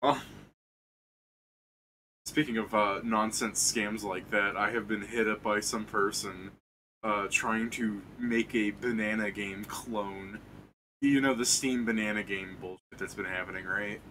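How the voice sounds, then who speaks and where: A man's voice: fairly low pitch, fairly even intonation, a little slow, bright, forceful tone, slight background noise. A man hosting a tabletop stream, chatting casually over a voice call and telling rambling stories full of swearing. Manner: rambling, profane storytelling with laughs.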